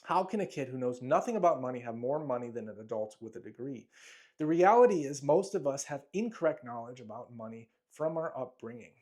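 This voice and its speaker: A man's voice: mid-range voice, lively intonation, fairly quick, a little mellow. Emphatic man reading a money booklet. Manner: emphatic, declamatory with punchy short phrases; asides with a short laugh. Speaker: self-help speaker.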